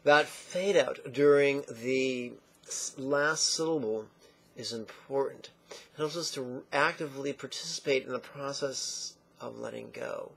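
A man teaching a guided meditation lesson, speaking slowly and calmly with playful asides and long intoned chants. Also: mid-range voice, vocal fry, slightly rough.

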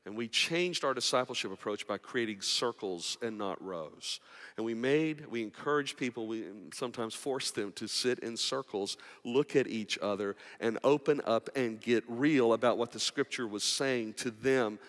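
A man pastor preaching a sermon, moving between quiet, intimate passages and raised, urgent appeals. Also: medium pitch, moderate pace. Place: church sanctuary. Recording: long reverb of a large hall.

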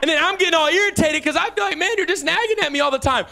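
A young man preaching with a notably high voice, fervent and urgent. He swings from hushed asides to loud shouted calls, keeping a lively, personal sermon tone. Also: vocal fry, faint music behind. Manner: fervent, rising to shouts, with quick asides and laughs. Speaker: guest preacher.

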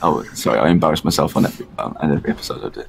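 A man with a British accent co-hosting a gaming video, wry and deadpan. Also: very deep voice, rapid-fire, creaky, background noise. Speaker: gaming co-host. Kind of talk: casual gaming chat.

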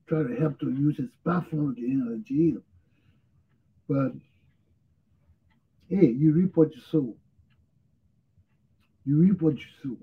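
A man's voice: fairly high pitch, unhurried, pauses often, breathy edge, narrow, tinny audio. A male talk show host, tired and yawning, giving blunt, repetitive commentary on his own. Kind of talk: casual solo commentary.

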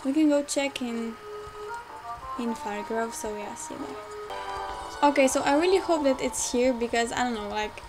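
A young woman rambling through casual gameplay commentary, full of fillers and quick to get frustrated, recorded at home on a desktop mic. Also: on the high side, over music, poor audio. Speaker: game let's player. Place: home room, car audible outside.

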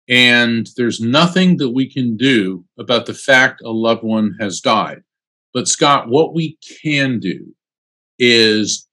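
A man, a psychic medium and attorney, talking as an interview guest in a casual, animated storytelling way with frequent um fillers. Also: mid-range voice.

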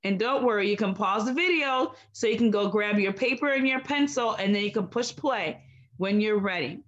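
A woman teaching a recorded phonics lesson to young children, slow, clear and encouraging. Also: mid-range voice, dull audio.

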